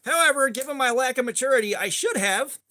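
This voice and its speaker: A man's voice: extremely high pitch, expressive, fast talker, sharp tone, a little hiss or hum. A middle-aged man hosting a casual livestream chat, rambling and swearing freely with a lot of filler. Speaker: host.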